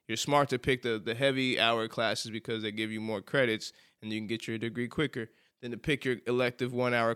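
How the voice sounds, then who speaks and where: A man with a Southern US accent hosts a casual podcast, spinning a college story. His voice is smooth and clear at an average pitch, and he laughs often as he talks. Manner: animated storyteller, laughs often, says "bro". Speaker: podcast co-host.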